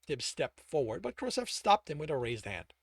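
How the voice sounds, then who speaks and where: A man reads his own novel aloud in a slightly higher voice with very lively intonation. He trips over words now and then and goes back to fix them. The recording is close and dry. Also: moderate pace, vocal fry, husky, no room sound. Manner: self-correcting slips while reading.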